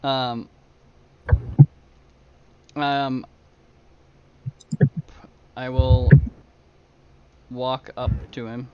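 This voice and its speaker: A man's voice: medium pitch, flat delivery, extremely slow, long pauses, a little mellow. A man playing in a tabletop game, laid-back and hesitant, with lots of "uh"s and casual swearing. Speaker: player. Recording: dull lo-fi mic with clear background music.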